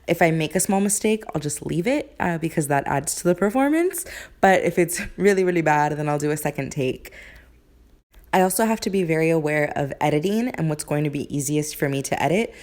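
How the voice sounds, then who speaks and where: A woman's voice: low-pitched, lively intonation, fairly quick, darkish tone. A young woman chatting upbeat and casually about her performance process in a home vlog, recorded on a phone. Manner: chatty and upbeat, with filler words. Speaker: musical theatre performer and vlogger. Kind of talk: casual behind-the-scenes vlog. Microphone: phone camera, sometimes set far off.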